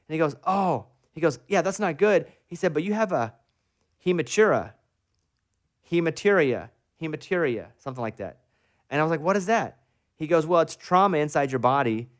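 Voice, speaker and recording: A man hosts a morning radio show from the studio, telling a personal story at length. His voice sits at an ordinary pitch, and he tells it with animated, self-mocking energy.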